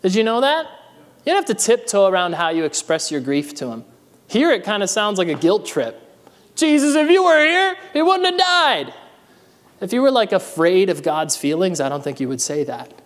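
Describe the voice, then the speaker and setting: Fairly high-voiced preaching pastor in reverb. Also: male voice, very animated, fairly quick. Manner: reads scripture aloud, then preaches with rising energy and calls to the congregation. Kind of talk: sermon. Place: church sanctuary.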